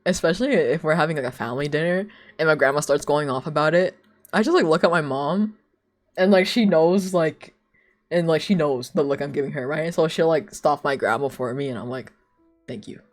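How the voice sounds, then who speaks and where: Low-pitched and fairly quick, this young female streamer talks casually on her live stream. Her stories wander, she laughs often, and filler words pile up.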